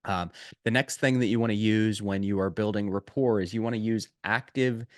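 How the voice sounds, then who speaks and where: Low-voiced man teaching sales technique. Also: steady tone, normal speed, no echo, clean studio sound. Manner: emphatic, repeats key points, frequent "uh" and "um". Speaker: sales prospecting instructor. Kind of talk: instructional video lesson.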